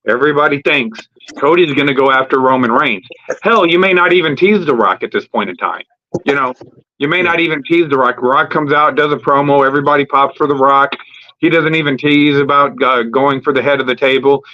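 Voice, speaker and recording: A man hosting a live wrestling talk stream, ranting casually and profanely about storylines, rambling with fillers and acting out quick promo bits. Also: medium pitch, bright, forceful tone. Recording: lo-fi streamed audio.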